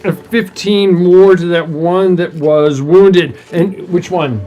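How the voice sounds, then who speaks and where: A man with a notably high voice runs a tabletop game as game master. He narrates the combat loosely and drops in spoken sound effects, while faint music plays behind him. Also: fairly even intonation, slow pace, mellow, highs cut off.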